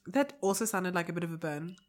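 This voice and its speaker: A woman's voice: lowish voice, animated, quick pace. A young woman co-hosting a casual podcast, cheeky and playful, often laughing and ribbing her partner. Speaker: podcast co-host.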